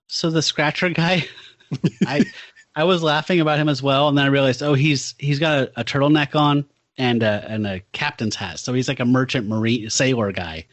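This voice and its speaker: A man's voice: medium pitch, normal speed, fairly bright tone, no echo. A man co-hosting a podcast, ranting casually and profanely like a self-described pedant. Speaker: podcast co-host. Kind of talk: casual chat.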